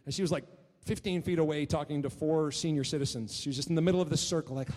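A man preaching a sermon as pastor, telling stories in an animated way and often repeating his words. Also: on the high side, quick pace. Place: church hall. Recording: long reverb of a church hall.

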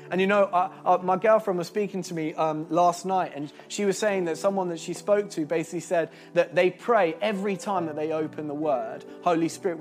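High-voiced young preacher. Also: male voice. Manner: earnest and animated, with restarts and laughs. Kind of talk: sermon with storytelling.

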